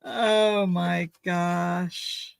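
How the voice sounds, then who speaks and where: A woman's voice: lowish voice, steady tone, extremely slow, vocal fry, clean tone, no room sound, rough recording. A woman making a craft video, chatting in a rambling, thinking-aloud way as she opens gifts at home. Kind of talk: casual chatty unboxing.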